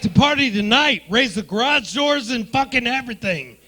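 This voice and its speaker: A brash, profane male stand-up comic with a high, bright voice that cuts through the room. He roasts the front row, talking into a handheld stage mic in a comedy club. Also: expressive, moderate pace, hardly any pauses. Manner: brash, profane crowd work.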